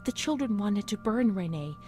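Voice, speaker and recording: A woman voicing a haunted young woman recalling her asylum records, speaking in a whispered role-play, hushed and unsettled. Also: mid-range voice, lively intonation, moderate pace, soft background music, close to an everyday voice. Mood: uneasy whisper.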